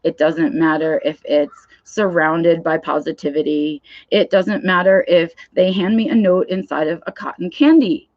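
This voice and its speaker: A woman's voice: lowish voice, steady tone, moderate pace, hardly any pauses, no room sound, dull audio. A woman talking frankly in a live vlog, swearing freely and often checking in with "right?". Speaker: vlogger. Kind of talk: candid livestream talk.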